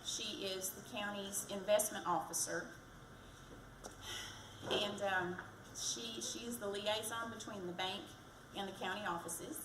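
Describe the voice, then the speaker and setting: A woman's voice: medium pitch, fairly even intonation, unhurried. A woman giving a chatty, self-deprecating campaign speech for county treasurer at a community event. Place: fire department community event. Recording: echoey, distant mic, background noise.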